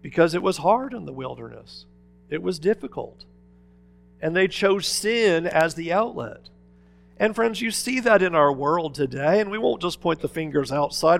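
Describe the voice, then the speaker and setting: A pastor with a high, gravelly voice delivers an impassioned sermon. He presses hard on some points and drops to a near hush on others, and soft instrumental music plays faintly behind him. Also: sing-song, normal speed. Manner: impassioned preaching, swinging between loud urging and hushed asides.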